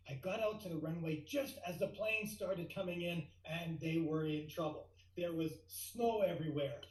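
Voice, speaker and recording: A middle-aged man telling a tall tale as a guest speaker, lively and building to excited outbursts. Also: a little high, reverberant, rough recording.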